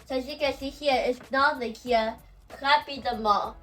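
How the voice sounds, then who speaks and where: A woman's voice: high voice, steady tone, a bit bright. Woman going over pronunciation, says each word a bunch of times, sounds far from the mic. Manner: slow and repetitive, saying example words over and over. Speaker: language teacher. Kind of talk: explaining pronunciation.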